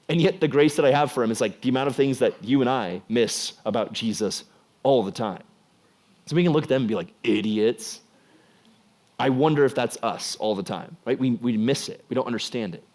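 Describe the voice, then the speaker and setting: A young man preaching a casual youth sermon, animated and jokey, acting out the scenes. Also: medium pitch. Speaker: youth pastor.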